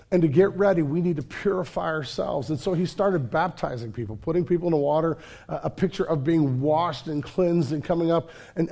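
A man's voice: fairly high pitch, creaky, a little mellow, husky. A man preaching a sermon as pastor, telling the story in a casual, conversational way with fillers and repeated words.

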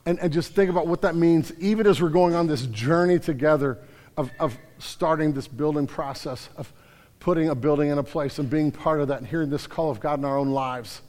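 High-voiced male pastor preaching in a reverberant hall. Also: a little fast. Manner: emphatic preaching, swinging between loud declarations and quiet stretches. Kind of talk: sermon. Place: church sanctuary.

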